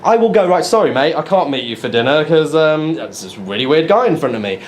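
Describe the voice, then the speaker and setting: A young man performs stand-up, telling a story and acting out his own lines. His pitch sits a little high and swings widely. The room is echoey, with a lively crowd around him. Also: fairly quick, slight background noise. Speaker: stand-up comedian. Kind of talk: stand-up comedy set. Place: comedy club stage. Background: audience laughter.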